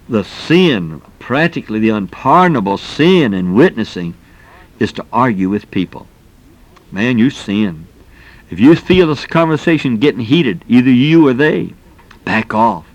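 Male preacher, middle-aged, folksy and emphatic delivery, mid-range pitch. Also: very animated, unhurried. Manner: folksy and emphatic, exclamations of "man". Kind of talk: sermon.

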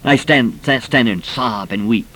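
A man's voice: moderate pace, a bit bright, poor audio. Fervent preaching man. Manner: fervent, with impassioned rising pitch. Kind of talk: sermon.

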